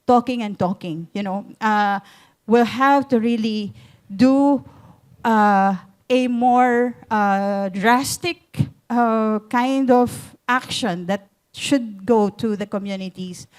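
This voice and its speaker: A woman giving remarks on a panel at a live event, hesitant and pausing on filler sounds. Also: fairly high pitch, clean tone. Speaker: panel speaker.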